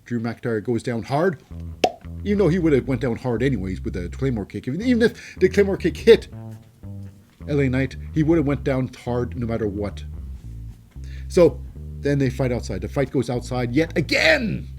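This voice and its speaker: Excitable male wrestling show host. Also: mid-range voice, moderate pace, faint music behind. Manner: rambling and excitable, with many fillers and restarts. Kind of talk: casual wrestling recap commentary.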